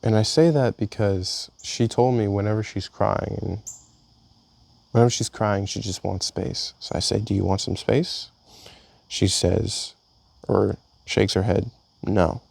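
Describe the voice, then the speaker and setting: Young man with a gravelly low voice. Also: fairly even intonation, a little mellow, dry recording. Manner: casual storytelling, halting with restarts. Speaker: vlogger. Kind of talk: reading a personal journal aloud.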